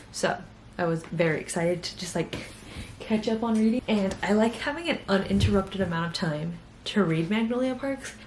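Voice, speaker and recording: A young woman talks casually into her camera about what she is reading, gushing and piling up fillers. Her voice sits at a middle pitch. A faint hiss of background noise runs under the recording. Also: darkish tone. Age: young adult. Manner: chatty and gushing, with many fillers. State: tired. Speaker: book vlogger. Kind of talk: casual reading vlog chat.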